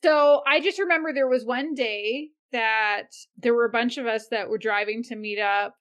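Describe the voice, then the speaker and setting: A woman co-hosting a podcast, chatting casually and easily and giving quick replies. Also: fairly high pitch, fairly even intonation, a bit bright, smooth. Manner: easygoing, quick backchannel responses. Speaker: podcast co-host. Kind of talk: casual chat.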